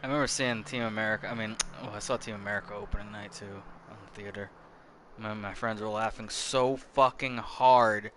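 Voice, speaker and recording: A man's voice: on the low side, steady tone, a little fast, a bit bright, slight background noise. A man in his thirties giving casual gameplay commentary, rambling and swearing freely, often restarting his sentences. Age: 30s. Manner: rambling, profane, self-interrupting. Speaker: gameplay streamer.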